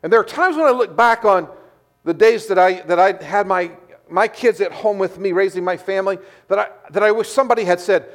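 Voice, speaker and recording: A middle-aged man preaching a sermon, repeating words as he restarts, telling stories in a lively way. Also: high-pitched, a little fast. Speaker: pastor.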